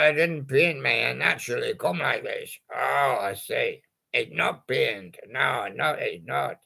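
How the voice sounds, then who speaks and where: A man's voice: mid-range voice, creaky, pushed and bright. A male host making playful, punning patter about old song titles and chuckling at his own jokes.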